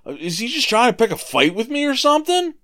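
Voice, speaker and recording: A man voicing an upset king of Israel in a read-aloud Bible story, speaking high and indignant. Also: sing-song, fast, pushed and bright, full character voice. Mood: distressed.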